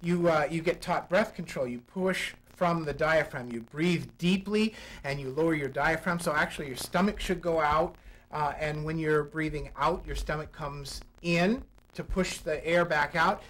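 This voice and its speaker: A public speaking coach appears on a studio talk show at a local TV station, demonstrating vocal examples as he explains his methods. He speaks at a moderate pace with a fairly high, fairly bright voice, and the low-quality recording carries slight background noise.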